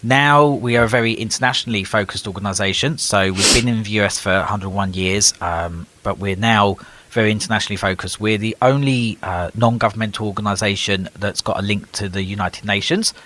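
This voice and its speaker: British male guest, somewhat low voice, long chatty answers full of ums. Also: fairly even intonation, a little fast, pushed and bright. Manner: long explanations with frequent ums and repeated words. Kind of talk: casual conversation.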